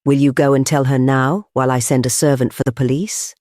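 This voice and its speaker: A reader voicing a gruff, impatient male doctor in an audiobook who talks in an emphatic, growling way. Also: medium pitch, fairly even intonation, a little fast, a little mellow, no room sound, studio quality, close to an everyday voice. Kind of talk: audiobook dialogue.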